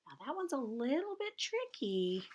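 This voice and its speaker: Woman, primary teacher, encouraging, stretches each sound, animated intonation. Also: high voice, measured pace, slight background noise. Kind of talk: slow spelling dictation for young children.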